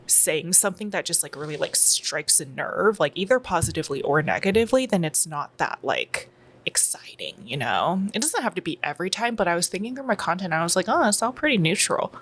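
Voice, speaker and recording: Woman, lower-pitched, soft and measured, precise diction, understated deadpan delivery. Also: slight background noise. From Dallas, Texas. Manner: soft, calm and precisely articulated. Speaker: comedian guest. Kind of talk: casual conversation.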